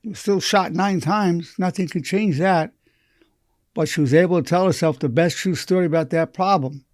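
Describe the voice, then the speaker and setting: A man's voice: high-pitched, moderate pace, a little mellow, dry recording, studio quality. Earnest older man in his eighties. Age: 80s. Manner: earnest, repeats key phrases for emphasis. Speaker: psychologist teaching a lesson. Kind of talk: recorded lesson told through patient stories.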